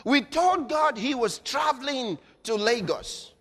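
A man preaching a sermon, swinging between hushed passages and shouting. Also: very high-pitched, expressive, takes it slowly. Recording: reverberant hall.

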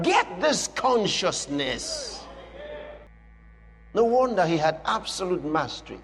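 Preacher man, lively, hall reverb. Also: extremely high pitch, measured pace. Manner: dramatic, swings between hushed and shouted; reads scripture aloud to a congregation. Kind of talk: sermon.

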